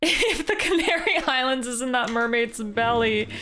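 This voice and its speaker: A woman's voice: a little high, expressive, normal speed, pushed and bright. A woman from Canada, a streamer, thinking aloud in casual, playful live game commentary.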